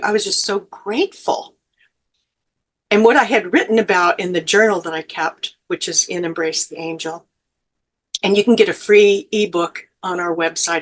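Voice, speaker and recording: A middle-aged woman, a grief educator and life coach, tells a heartfelt personal story as an interview guest, earnest and emotional with soft fillers. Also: on the low side.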